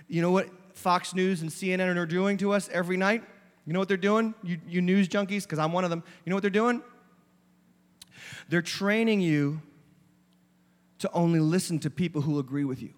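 A middle-aged man preaching a sermon as lead pastor, emphatic and building in intensity, speaking in a church sanctuary. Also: sits high. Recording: long reverb of a large hall.

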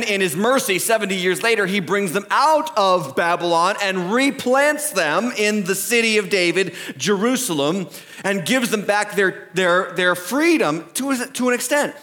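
A man, the lead pastor, preaching a sermon with animated delivery, acting out complaining voices and rising to shouts. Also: high voice. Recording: long hall reverb.

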